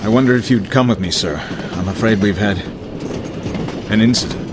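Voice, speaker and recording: An actor playing a polite, hurried train conductor in a radio drama. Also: male voice, fairly low pitch, background noise, natural voice. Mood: anxious.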